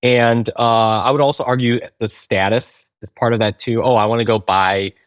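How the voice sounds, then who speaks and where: A man's voice: mid-range voice, steady tone, moderate pace, no room sound. A man, a game company founder, explaining in a conversational interview, tagging points with "right?" and restarting sentences.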